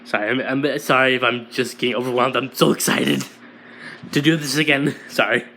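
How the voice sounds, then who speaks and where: A man's voice: mid-range voice, fairly even intonation, moderate pace, vocal fry, bright, forceful tone, slight background noise. A man improvising a fan-fiction story, giggling, apologizing and restarting often.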